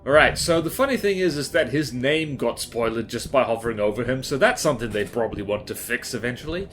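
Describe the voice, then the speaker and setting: A man chats his way through gameplay commentary in a mid-pitched voice. He rambles, pokes fun at himself and fills his talk with "like" and "um". Faint game music runs underneath. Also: animated, fast talker, a bit bright. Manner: chatty, rambling, self-deprecating, many fillers. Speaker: gaming YouTuber.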